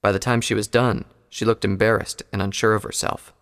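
A man narrating a fan fiction story in a measured, even reading. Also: on the low side, smooth. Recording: long hall reverb.

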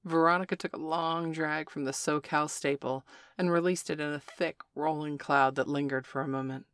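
An audiobook narrator reading a story chapter in a steady, even manner. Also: mid-range voice, normal speed, clear, resonant tone, no room sound, studio quality. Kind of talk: scripted narration of an adult story.

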